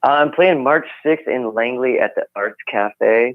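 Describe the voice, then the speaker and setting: A man calling in as a guest musician, telling rambling, relaxed stories about his songs over the phone. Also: mid-range voice, measured pace, no room sound. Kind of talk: casual phone interview. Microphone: phone call. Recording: tinny phone line.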